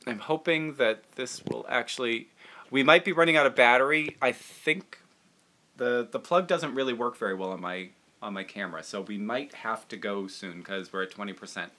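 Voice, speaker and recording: A young puppeteer from around Boston chats on a casual livestream in a bright, forceful, mid-range voice. His talk rambles, he often turns jokes on himself, and he jumps quickly into voices.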